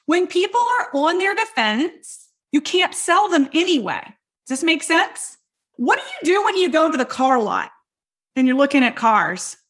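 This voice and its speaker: A woman coaching listeners on sales in an energetic, loud, hyped-up teaching talk, checking in often with "right?" and "okay?". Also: very high voice, moderate pace. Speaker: business coach and podcast host.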